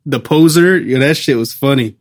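A chatty man co-hosts a casual movie review podcast, his voice pitched in the middle range. He laughs easily and trails off mid-sentence while he hunts for a name. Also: normal speed. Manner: chatty, laughs often, trails off searching for names. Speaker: podcast co-host.

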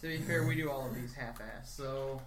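A man co-hosting a casual podcast who chimes in with quick, teasing remarks. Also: mid-range voice. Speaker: co-host. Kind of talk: casual chat. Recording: echoey room with clear hiss.

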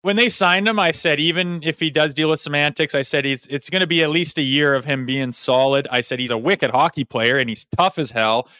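A man's voice: a little high, fairly quick, hardly any pauses, bright, forceful tone, no room sound, studio quality. A man, a former pro hockey player, giving blunt, opinionated takes in a casual sports podcast and swearing freely.

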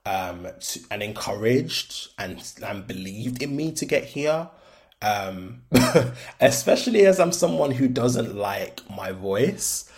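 Low-voiced Brummie man chatting frankly. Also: big pitch swings, takes it slowly, darkish tone. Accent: Birmingham (Brummie), shifting toward London. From Birmingham, England. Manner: chatty, frank, filler-heavy with ums and likes. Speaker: podcast host. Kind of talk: casual solo monologue.

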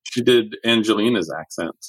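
Man, podcast guest, deadpan, understated, lowish voice, dry close mic. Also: normal speed, dry recording, rough recording. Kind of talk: casual chat.

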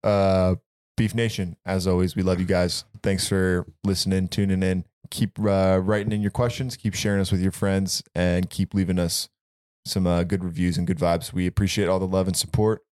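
A man's voice: sits low, little pitch movement, moderate pace, darkish tone. A young man co-hosting a podcast, chatting casually in a laid-back, slangy way. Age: young adult. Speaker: podcast co-host. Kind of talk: casual chat.

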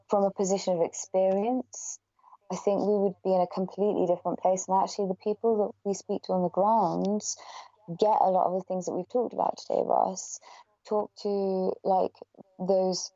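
A woman's voice: mid-range voice, steady tone, normal speed, mellow, no room sound. A woman talking as a podcast guest, blunt and swearing freely, often laughing. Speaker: podcast guest, charity worker. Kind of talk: casual podcast conversation. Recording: slightly dull podcast audio.

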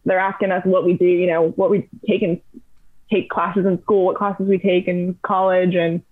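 A young woman in her twenties, a podcast guest, telling travel stories in a chatty, animated way with lots of "like". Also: on the low side, moderate pace. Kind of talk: casual storytelling. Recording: tinny phone-like line.

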